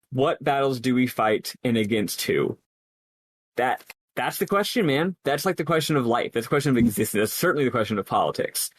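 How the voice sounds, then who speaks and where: A man in a casual podcast discussion, his voice at a middle pitch. He thinks out loud, circling back with frequent fillers and restarts. The sound is dry and close. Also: no room sound. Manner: thoughtful, rambling with many fillers. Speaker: podcast co-host.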